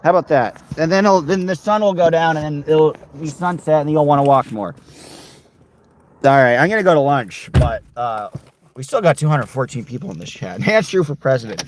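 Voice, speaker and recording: A man's voice: fairly high pitch, a little fast, slight background noise. A man livestreaming casually on a road trip, rambling, reading chat aloud and talking to his dog. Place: outdoors and in a car on a road trip.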